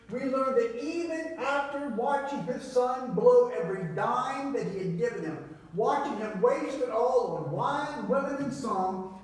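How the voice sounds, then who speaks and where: A man preaching a sermon, telling the story with big swings between loud and hushed delivery. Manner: animated storytelling with wide swings in pitch and volume. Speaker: pastor. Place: church sanctuary. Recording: very echoey church hall, mic at a distance.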